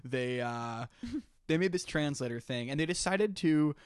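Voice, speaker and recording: A man co-hosts a casual podcast chat, telling a story with lively animation and laughing often. His voice sits a little high, and the recording is dry and close. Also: a little slow, smooth, dry recording. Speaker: podcast co-host.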